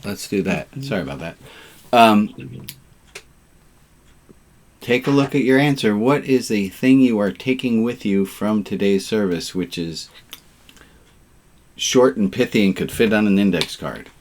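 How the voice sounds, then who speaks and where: A man with a fairly low voice, leading a relaxed online service as the rabbi. He banters warmly with the congregation and slips in groan-worthy puns. The sound comes through a computer mic on a video call. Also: a little slow, pauses often. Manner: jovial, punning, chatty with the congregation. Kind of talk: informal sermon over a video call.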